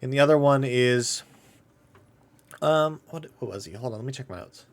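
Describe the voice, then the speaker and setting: A man narrates a tabletop game as game master, easygoing and a bit halting. He speaks into a desk microphone at a middle pitch. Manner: casual, hesitant narration with fillers.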